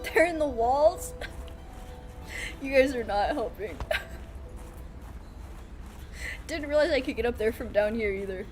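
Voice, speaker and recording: Woman streamer, high and unhurried, joking with chat over faint game music. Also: expressive. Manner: chatty, talks to chat and the game, laughs often, bursts of alarm. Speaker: streamer playing a survival game. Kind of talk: live gameplay commentary.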